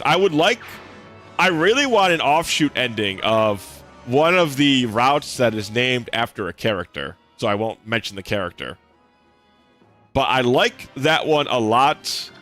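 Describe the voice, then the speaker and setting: A man's voice: medium pitch, fairly bright tone. Chatty young man streaming a game. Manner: rambling, chatty, lots of fillers and restarts. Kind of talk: casual gameplay commentary. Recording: faint game music behind.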